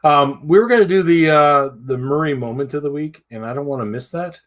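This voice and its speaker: A man co-hosting a podcast, talking in a halting, casual way with many fillers and restarts. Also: fairly high pitch. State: tearful. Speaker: podcast co-host. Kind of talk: casual chat.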